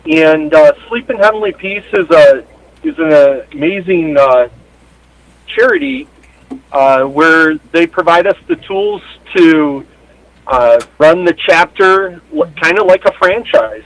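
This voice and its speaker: A man calling in by phone as a charity chapter leader, speaking in a halting, matter-of-fact way with many fillers. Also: on the high side, very animated, creaky, a bit bright, dry recording, poor audio. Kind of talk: casual phone interview. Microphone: phone call.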